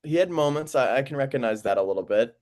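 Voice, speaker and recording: A young man co-hosting a podcast over a call, chatting about sports in a relaxed, chatty way. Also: mid-range voice, fast. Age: young adult. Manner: relaxed, chatty, laughs easily. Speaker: podcast co-host.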